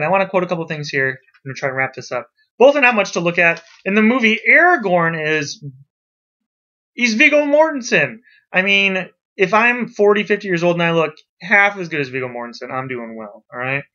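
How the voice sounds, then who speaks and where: A man teaching a class, talking to students in a lively, emphatic way. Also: fairly high pitch, fairly quick. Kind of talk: classroom lecture. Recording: dull lo-fi recording.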